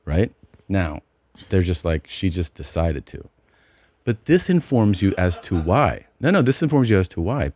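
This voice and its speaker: Podcast host, male, very low voice, profane indignant storyteller, dry studio sound. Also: darkish tone, dry recording. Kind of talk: casual podcast chat.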